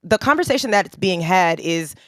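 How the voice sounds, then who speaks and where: A woman's voice: on the low side, moderate pace, no echo, studio quality. A woman in her thirties, a podcast guest telling stories animatedly and laughing as she talks. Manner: animated, laughing, acts out quotes. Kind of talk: casual chat, storytelling.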